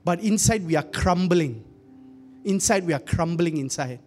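A man's voice: fairly high pitch, animated, normal speed, darkish tone, faint music behind. A young man preaching a conversational sermon, often calling out to the congregation and joking in asides. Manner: joking, laughs at his own asides.

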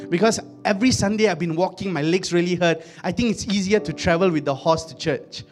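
A man voicing a devout, excitable farmer in a joke told during a sermon. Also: high voice, brisk, faint music behind, natural voice. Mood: pleading. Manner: eager, exclaiming. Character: excited, devout male farmer, anxious rider.

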